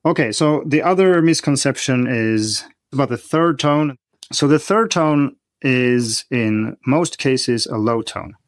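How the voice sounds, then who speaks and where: In a clean studio recording with no room sound, a man with a mid-range voice speaks at a measured pace. He's a guest expert on learning Chinese, explaining the language-learning topic step by step in a teacherly fashion during a podcast conversation.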